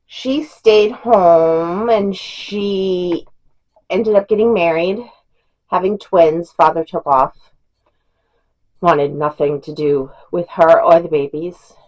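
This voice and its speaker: A woman's voice: fairly low pitch, drawn-out words, long pauses, a little mellow, muffled recording. A middle-aged woman chatting casually as a book reviewer, rambling with fillers and small laughs. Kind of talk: casual chat.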